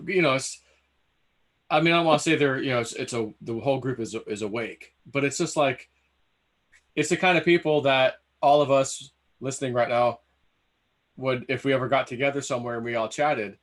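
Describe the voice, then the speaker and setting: A man hosting a podcast, chatting casually and laughing along with his guest. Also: mid-range voice. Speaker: podcast host.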